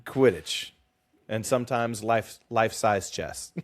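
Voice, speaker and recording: Give it as an animated man co-hosting a book chat, teasing and quick to laugh, with a slightly high voice that swings around a lot. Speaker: podcast co-host.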